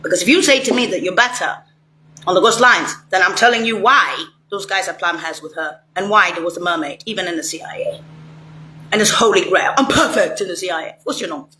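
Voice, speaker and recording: A woman's voice: lowish voice, brisk, pushed and bright, slight background noise. A woman delivering a rambling, angry, profane monologue straight to the listener. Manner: ranting, swearing, rambling. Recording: roomy echo, faint ambience.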